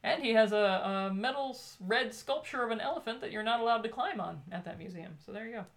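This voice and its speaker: A woman's voice: on the high side, fast, gravelly. A woman co-hosting a casual podcast chat, playful and teasing with her co-host.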